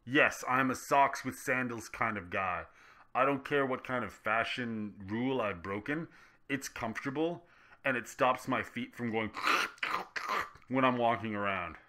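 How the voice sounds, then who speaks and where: A man hosting a casual gaming vlog Q&A, rambling and joking with self-deprecating asides, his delivery swinging between loud and soft. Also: medium pitch, a little slow. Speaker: gaming YouTuber answering viewer questions.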